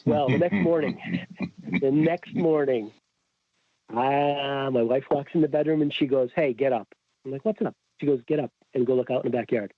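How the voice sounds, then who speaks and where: A man's voice: medium pitch, moderate pace, dry recording. A man from Connecticut, a podcast guest, telling a story in casual chat and acting out the quoted voices. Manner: acts out the quoted voices as he tells. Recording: tinny phone-like line.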